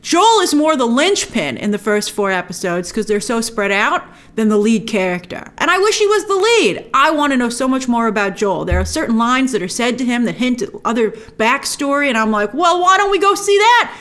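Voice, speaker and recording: A woman hosting a casual, opinionated TV review, chatty and animated, acting out quick asides. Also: a little high. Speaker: host reviewing a TV series.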